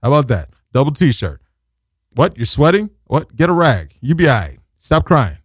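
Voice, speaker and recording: A man's voice: medium pitch, big pitch swings, normal speed, slightly rough, no echo, clean studio sound. Ranting New radio host man. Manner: exasperated ranting, shifts into shouted mocking voices. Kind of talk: comic rant on internet radio. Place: radio studio.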